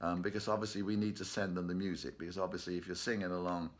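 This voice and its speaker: This choir leader speaks fast with a low-sitting voice and flat delivery. He's holding a casual online rehearsal from his bedroom at home, chatty and joking, laughing often.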